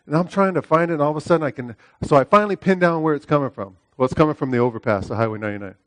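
A middle-aged male preacher delivering a sermon, leaning on repeated phrases and frequent "right?" checks. His voice moves between loud, high-pitched exhortation and hushed storytelling. The sound is dry and close, with no room echo. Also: racing. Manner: emphatic, repeats phrases, asks "right?" often.

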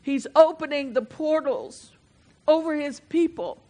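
Woman, older, preacher, sermon, fairly high voice, fervent builds, chatty asides. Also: a little slow. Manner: swells louder and higher when preaching, drops to chatty asides with the congregation.

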